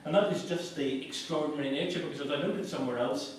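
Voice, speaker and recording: A man's voice: medium pitch, fairly even intonation, a little fast, hardly any pauses, slight background noise. Brief: male speaker, anecdotal and wry, recorded from afar in a reverberant hall. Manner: conversational, storytelling, self-mocking. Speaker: guest speaker. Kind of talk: anecdotal public talk. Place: lecture hall. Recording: echoey hall from far off.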